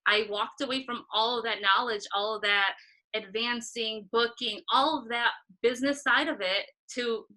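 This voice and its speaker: Bright-voiced woman telling animated stories. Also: unhurried, low-quality recording. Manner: animated storytelling, acting out past dialogue in a higher voice. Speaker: concert photographer guest. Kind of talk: conversational interview.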